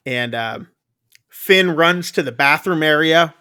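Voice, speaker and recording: Guy on a movie podcast going through the plot, kinda high and bright, lots of "like" and "uh". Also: slow, smooth. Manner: recaps plot loosely with many fillers and "like". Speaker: podcast co-host. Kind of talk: casual movie review chat.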